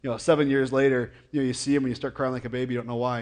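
Male pastor, casual sermon, stammers and repeats words, joking asides, mid-pitched voice. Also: rapid-fire. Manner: frequent stammered repetitions; jokey, animated asides. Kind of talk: conversational sermon.

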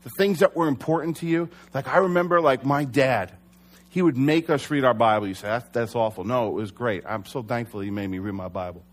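A man's voice: medium pitch, fairly quick. Young male pastor, mid-range voice, earnest, chatty sermon delivery. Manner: conversational, earnest, with self-corrections.

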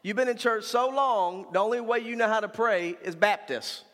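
Pastor guy preaching, really high sharp voice, gets shouty, long echo in the church. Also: normal speed. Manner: frank, colloquial preaching that builds to shouts. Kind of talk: sermon.

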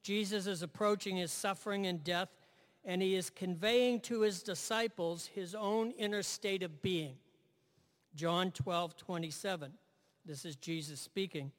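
A man's voice: high voice, unhurried, a bit bright, big-room sound. A man preaching a sermon in a conversational way, asking his listeners "right?" and repeating key phrases.

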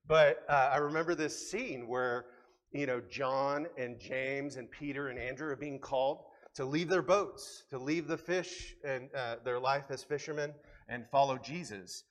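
A man's voice: mid-range voice, unhurried. A man preaching a sermon as pastor, conversational and earnest, rising to emphatic peaks.

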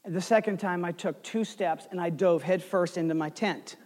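A man in his forties preaches to his congregation, spinning a personal story that rises to loud bursts and drops to near whispers. His voice sits high for a man. The sound carries a long reverb, as in a large church hall. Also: moderate pace. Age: 40s. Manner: storytelling with lively swings between loud and hushed. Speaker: pastor. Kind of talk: sermon.

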